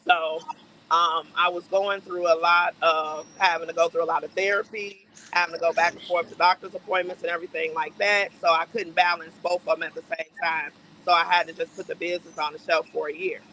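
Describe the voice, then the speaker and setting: A woman's voice: on the low side, flat delivery, brisk, bright, forceful tone, a little hiss or hum, rough recording. A woman guest on a podcast, a cigar brand owner, speaking frankly with many fillers and restarts. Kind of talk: casual podcast interview.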